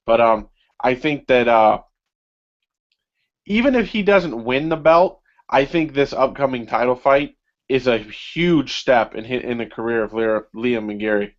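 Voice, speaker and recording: A man co-hosting a casual sports podcast in a joking, filler-heavy way. His voice sits at an ordinary middle pitch. The sound is dull and lo-fi. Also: a little slow. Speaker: podcast co-host.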